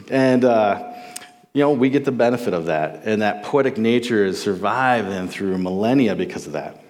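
A man's voice: on the low side, moderate pace, darkish tone. A man in his forties from Minnesota, teaching on a psalm in a casual, enthusiastic sermon style with frequent restarts. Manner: enthusiastic, conversational, with many restarts. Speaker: Bible teacher.

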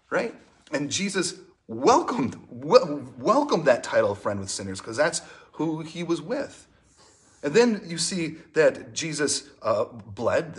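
Conversational preacher man, loud then hushed. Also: a little high. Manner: conversational preaching, frequent "right?" asides and restarts; swings from animated emphasis to soft, hushed delivery. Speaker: pastor. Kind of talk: sermon.

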